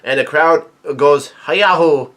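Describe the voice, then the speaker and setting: Man, mid-pitched, casual reaction vlogger, halting delivery full of ums and restarts. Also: fairly bright tone. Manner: halting, many fillers and restarts; reads quoted lines in a plain narrating voice. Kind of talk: casual chapter recap.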